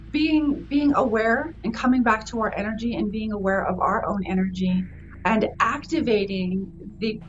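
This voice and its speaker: A young woman reading oracle cards in a casual chat, enthusiastic and quick to exclaim. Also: mid-range voice, lo-fi sound. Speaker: co-host, card reader.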